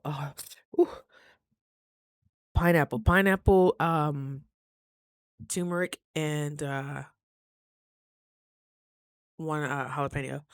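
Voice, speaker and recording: Chatty woman vlogging, dry close sound. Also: no room sound. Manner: chatty and affectionate, calls viewers baby; lively, jumps high for quoted voices. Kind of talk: casual talk to camera.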